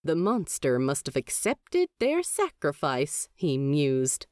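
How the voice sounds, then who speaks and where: A woman narrating a fan fiction audiobook with expressive storytelling. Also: deep voice, slow pace, dry recording, studio quality. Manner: expressive storytelling, lively inflection.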